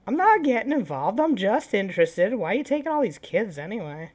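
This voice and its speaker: Brief: playful player in character, cheeky, pitch bouncing all over. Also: very animated, a little fast, a little mellow. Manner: playful, cheeky, laughs often. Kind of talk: in-character tabletop play.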